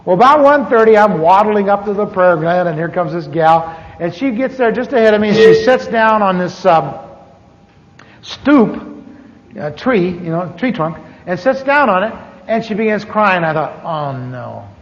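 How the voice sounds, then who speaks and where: A middle-aged man tells his conversion story from the pulpit in a candid, storytelling manner with wry asides. His voice sits high. The archive recording sounds muffled, with a long hall echo. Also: animated, moderate pace. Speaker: preacher. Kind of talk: testimony sermon.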